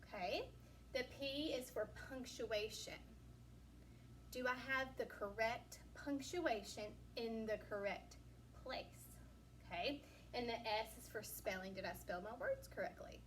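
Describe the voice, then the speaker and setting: A woman teacher giving a recorded lesson to young children, patient and encouraging, asking questions and pausing for answers. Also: fairly high pitch. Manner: slow, patient, encouraging, asks questions and pauses. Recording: distant mic, faint room noise.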